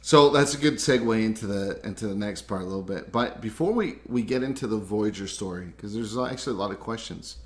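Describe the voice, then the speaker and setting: A man's voice: fairly low pitch, a little fast, hardly any pauses. A man, hosting a casual podcast interview and talking in a loose, rambling way. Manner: rambling, admiring, many fillers. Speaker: podcast host. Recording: echoey room.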